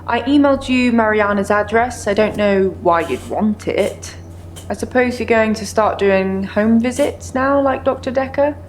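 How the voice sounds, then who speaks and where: A woman's voice: a little high, normal speed, a little hiss or hum, natural voice. An actress playing a guarded female clinic receptionist in a mystery game, with dry, pointed delivery. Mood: wary. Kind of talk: FMV game acting.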